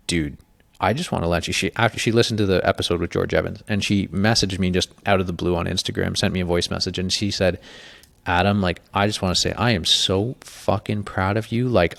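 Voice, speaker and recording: A man's voice: low-pitched, vocal fry. A man hosting a podcast, talking candidly and emotionally in a casual chat, swearing freely. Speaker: podcast host.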